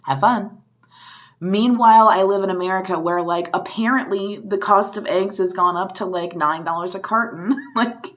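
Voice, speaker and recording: A woman's voice: mid-range voice, fairly bright tone. A young woman who works in customer service, venting with frustration and exasperated questions. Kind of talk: venting social media monologue.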